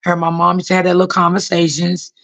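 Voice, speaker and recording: A woman's voice: fairly low pitch, completely flat delivery, fast, gravelly, fairly bright tone. A woman telling a personal story to her viewers in a casual way, often repeating herself and using many fillers. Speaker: author talking to viewers.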